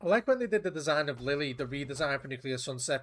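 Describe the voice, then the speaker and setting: A chatty young British man streams a game, swearing freely and laughing often as he talks. His voice sits a bit higher than most men's. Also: expressive, quick pace, a bit bright. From United Kingdom. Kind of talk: casual gaming commentary.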